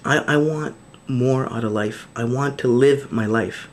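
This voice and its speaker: A man's voice: mid-range voice, unhurried, a little hiss or hum. A man recording a video diary straight to camera, talking in an earnest, pleading way, full of restarts and fillers. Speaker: vlogger.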